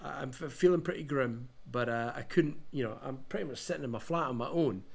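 A man's voice: medium pitch, fairly quick, creaky, husky. A Scottish man who is ill with covid, rambling and joking at his own expense in a casual podcast chat. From Scotland. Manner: self-mocking, rambling with restarts. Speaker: podcast co-host.

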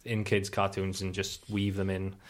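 A man's voice: sits low, completely flat delivery, normal speed. A man chatting casually about cartoons, rambling with many fillers and restarts. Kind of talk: casual chat.

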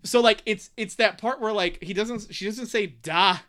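A man's voice: high-pitched, fairly even intonation, moderate pace, fairly bright tone. A man in casual conversation about a book, talking hesitantly with many restarts and reading short passages aloud. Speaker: podcast co-host discussing a book. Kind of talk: casual chat.

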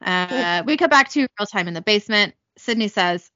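A woman casually recapping a TV episode, reading out the dialogue in quick voices and correcting herself as she goes. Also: medium pitch, lively intonation, pushed and bright, no room sound, dull audio. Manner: reads lines in quick character voices, self-correcting. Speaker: podcast host recapping an episode.

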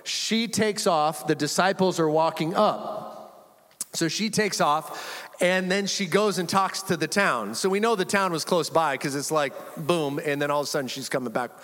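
A male pastor delivers an animated, conversational sermon, slipping into little acted-out quotes and chuckling as he goes. His voice sits high for a man. The sound carries the long reverb of a large church sanctuary. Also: normal speed.

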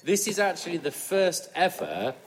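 A woman's voice: fairly low pitch, very animated, normal speed. A woman co-hosting a podcast, chatting in a giggly, tipsy way late at night in a hotel bar. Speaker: podcast co-host. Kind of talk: casual late-night chat. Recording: noisy tablet recording.

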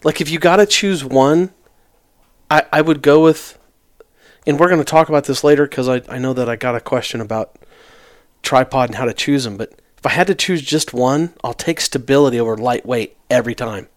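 A man's voice: medium pitch, brisk. A man co-hosting a hunting talk show, speaking casually with frequent stammered restarts. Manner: stammering restarts, relaxed and agreeable. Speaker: hunting podcast co-host. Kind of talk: casual chat.

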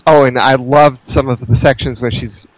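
A man co-hosting a casual podcast over a call, halting and admiring as he talks. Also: medium pitch, steady tone, dry recording, poor audio. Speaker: podcast co-host.

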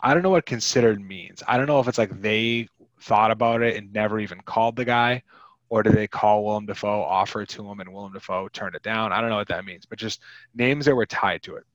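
Low-voiced man hosting a chatty podcast. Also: a little fast, dry recording, lo-fi sound. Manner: chatty, rambling, wry. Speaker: podcast host. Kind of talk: casual chat about a film.

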